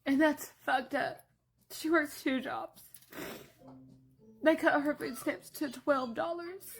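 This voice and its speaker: Woman vlogger, angry and close to tears, high voice, swears freely. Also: takes it slowly, faint music behind. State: tearful. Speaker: working mother. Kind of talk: emotional vlog rant.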